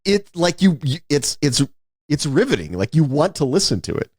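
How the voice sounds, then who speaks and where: A man's voice: a little high, big pitch swings, normal speed, husky, no echo, clean studio sound. A man co-hosting a podcast, chatting casually about a film and thinking aloud as he talks. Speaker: podcast co-host. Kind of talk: casual movie review chat.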